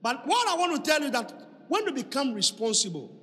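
A man preaching a fervent sermon as a bishop, shouting and half-singing his lines. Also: very high-pitched, very animated, brisk. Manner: shouting, impassioned, sing-song preaching. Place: church hall. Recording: reverberant hall.

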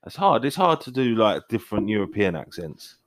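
Lively, low-voiced young man cohosting. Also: brisk, no room sound, clean studio sound. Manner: teasing, animated, questioning. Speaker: podcast co-host. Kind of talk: casual banter.

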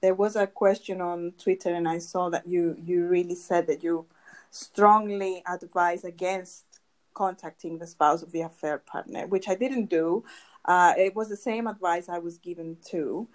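A woman hosting a podcast interview, agreeing often and asking questions with pauses. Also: on the low side, fairly even intonation, darkish tone. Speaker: podcast host.

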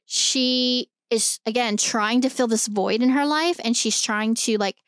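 A woman co-hosts a casual film podcast, her voice smooth and clear in a dry, close recording. She talks emphatically and swears freely as she works through her points. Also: fairly high pitch, measured pace, fairly bright tone, no room sound. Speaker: podcast co-host.

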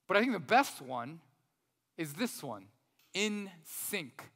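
A man in his thirties preaching a sermon as pastor, animated, with joking asides to the congregation. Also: fairly high pitch, a little slow, slightly rough. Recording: reverberant hall.

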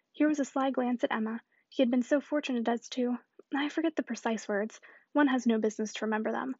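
A woman's voice: on the high side, steady tone, quick pace, darkish tone, no room sound, lo-fi sound. Woman reading a classic novel. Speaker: audiobook reader.

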